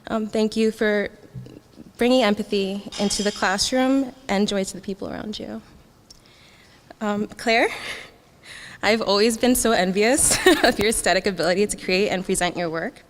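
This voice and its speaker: A woman's voice: medium pitch, moderate pace, slight background noise. A young woman giving a heartfelt graduation speech, laughing often and getting emotional as she thanks her classmates. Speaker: graduating student speaker. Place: graduation ceremony hall. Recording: long hall reverb.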